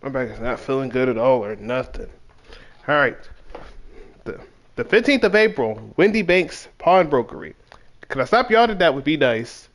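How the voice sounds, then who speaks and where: A man's voice: mid-range voice, big pitch swings, normal speed, slight background noise. A man streaming a game, chatting casually in a laid-back, slangy way, tired and yawning.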